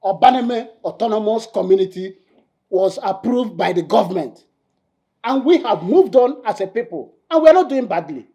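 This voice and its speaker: A man's voice: high-pitched, expressive, normal speed, dark tone. A man with a Nigerian accent playing an indignant community leader, stammering in his outrage. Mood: defiant. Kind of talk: Nollywood film acting.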